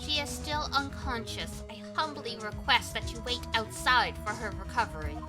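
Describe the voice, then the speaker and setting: A woman voicing a composed older female spirit medium who speaks formally and calmly. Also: on the high side, loud music behind the voice, voice pushed down, lightly acted. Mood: grave. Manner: formal, calm, measured.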